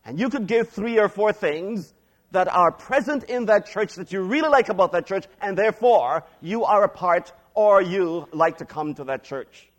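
A middle-aged man preaching a sermon as a pastor, reading scripture slowly and aloud, then praying and teaching. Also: lively intonation, lo-fi sound. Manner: reads scripture slowly, varies pitch widely.

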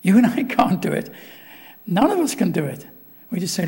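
A man's voice: high voice, big pitch swings, moderate pace, long pauses, a little mellow, slightly rough. A man preaching as a visiting pastor in a church, emphatic and fond of repeated rhetorical questions. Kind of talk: sermon. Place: church sanctuary. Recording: long reverb of a church hall.

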